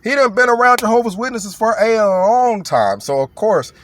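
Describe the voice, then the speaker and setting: A man's voice: sits high, expressive, normal speed, fairly bright tone. A man talking in a blunt, mocking, emphatic way as a commentator, in a casual rant.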